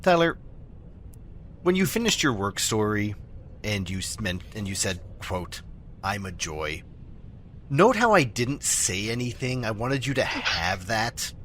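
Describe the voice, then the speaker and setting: A man's voice: fairly low pitch, sing-song, measured pace, a bit bright, a little hiss or hum. A man in casual chat, teasing with a dry manner.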